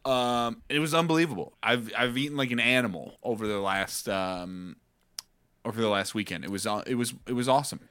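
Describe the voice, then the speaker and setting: A man in his thirties co-hosting a podcast, animated and swearing for laughs in casual chat. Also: medium pitch, fairly quick, clear, resonant tone. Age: 30s. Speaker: podcast co-host.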